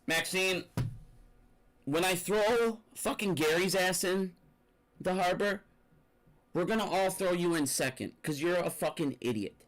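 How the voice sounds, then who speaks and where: Young male commentator, profane rambling rant, slightly high voice. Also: measured pace, long pauses, fairly bright tone, rough recording. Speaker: finance commentator. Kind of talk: ranting commentary.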